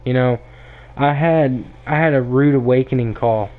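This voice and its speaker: A man's voice: medium pitch, normal speed. A young man hosting a podcast, delivering a blunt, emphatic opinion monologue that often circles back and repeats itself. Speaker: podcast host. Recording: tinny phone-like sound.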